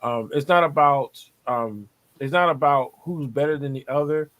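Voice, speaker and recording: A man's voice: medium pitch, normal speed, a bit bright. A man, talking on a video call as a podcast co-host, preachy and motivational, repeating his points. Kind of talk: casual panel talk over video call.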